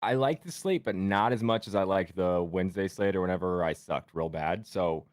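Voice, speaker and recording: A man with a very low voice, hosting a livestream in loose, rambling chat. The sound is dry and close, with no room around it. He jokes easily with his co-host and the chat. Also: normal speed, no room sound. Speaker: host of a sports betting stream.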